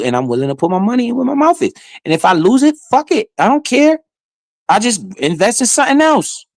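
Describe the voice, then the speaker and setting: A man's voice: on the high side, no echo. A man streaming live, giving casual, slangy commentary with swearing and often speaking straight to his chat.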